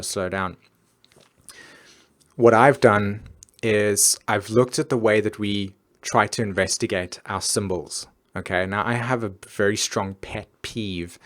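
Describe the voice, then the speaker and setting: Man, low voice, earnest live stream host, casual talk, lots of restarts. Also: a bit bright. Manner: earnest, repetitive, frequent fillers and restarts.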